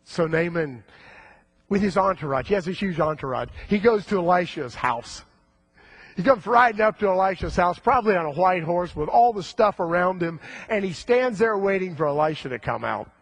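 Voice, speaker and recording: Gravelly, high-voiced male preacher. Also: normal speed. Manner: animated storytelling with acted-out voices. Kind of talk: sermon.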